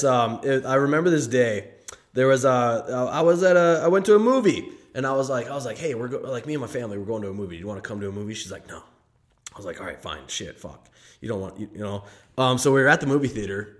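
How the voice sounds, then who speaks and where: A man from Saint Paul, Minnesota, telling a personal story in a casual, rambling, self-mocking way, swearing freely and restarting his sentences often. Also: medium pitch.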